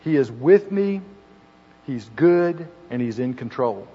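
A man's voice: mid-range voice, expressive, takes it slowly, breathy edge. A middle-aged man preaching a sermon, earnest and building to emphatic, repeated phrases. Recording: muffled hall recording with long reverb.

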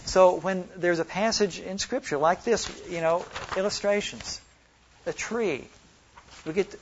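A man from Oklahoma and Texas teaching a Bible study workshop, who slows down to stress single words when he reads scripture. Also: on the high side, highs cut off, slight background noise.

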